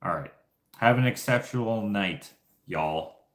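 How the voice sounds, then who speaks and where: A man's voice: on the low side, animated, unhurried. A man hosting a casual livestream chat, telling rambling stories with many fillers and restarts. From Canada. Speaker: livestream host. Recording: roomy echo.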